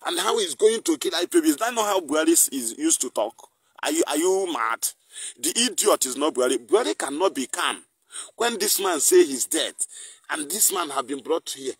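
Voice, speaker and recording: A man's voice: on the high side, animated, fairly quick, breathy edge, dry recording. A man with a Nigerian accent hosting a live online broadcast, mixing English with Igbo and firing off angry, mocking rhetorical questions. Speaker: activist broadcaster.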